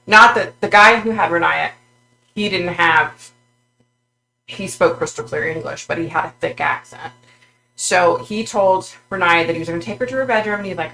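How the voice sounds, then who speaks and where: A woman vlogger recounting a psychic vision in a halting way, with many fillers and restarts. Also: on the low side, vocal fry, bright, forceful tone, slight background noise, poor audio.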